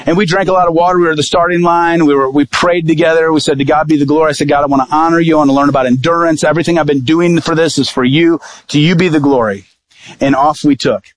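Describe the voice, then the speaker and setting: A man preaching as an evangelist, with a voice a little higher than most men's. He tells a personal story and acts out the lines of the people in it. The sound is dry and close, with almost no room echo. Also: steady tone, fast. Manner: vivid storytelling, acting out quoted dialogue. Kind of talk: sermon storytelling.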